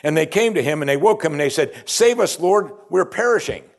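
A man preaching a sermon, reading scripture aloud and asking pointed questions, often dropping to a hushed voice on key points. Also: fairly high pitch, animated, a little fast.

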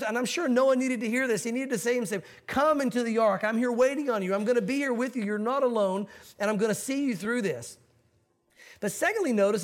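High-voiced male preacher. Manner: storytelling with acted-out quotes. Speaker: pastor. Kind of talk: sermon.

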